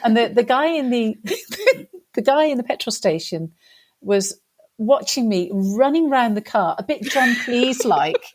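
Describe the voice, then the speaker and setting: An English woman recounts her misadventures as a podcast guest. Her voice sits a little high, and her delivery is animated and self-mocking, broken up by frequent laughter. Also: normal speed. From England. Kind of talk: casual storytelling.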